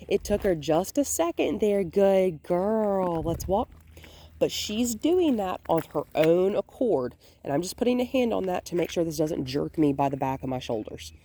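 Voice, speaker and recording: A woman dog trainer filming a walk outdoors on a hand-held phone, calmly explaining and softly praising the dog. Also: low voice, vocal fry, slightly rough. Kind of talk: hands-on training demonstration. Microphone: phone held in one hand.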